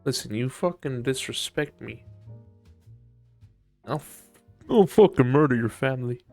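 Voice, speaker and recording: A man chats to his stream as he works, cursing freely and throwing out mock threats. His pitch jumps around a lot while his pace stays slow. Faint music plays behind him. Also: expressive, gravelly, a little mellow. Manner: profane, mock-aggressive joking with big swings in pitch. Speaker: live streamer. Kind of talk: casual live-stream chatter while sculpting.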